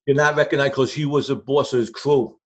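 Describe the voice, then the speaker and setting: A man's voice: medium pitch, steady tone, fairly quick, noisy background. An older man telling casual, rambling anecdotes in blunt street grammar as an interview guest. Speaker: former crime crew associate, guest. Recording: dull lo-fi sound.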